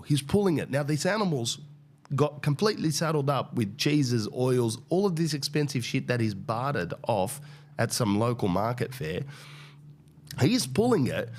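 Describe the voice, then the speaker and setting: A man hosting a podcast, telling a comic story in a blunt, crude, animated way. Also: on the high side. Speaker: podcast host. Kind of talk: comedic storytelling rant.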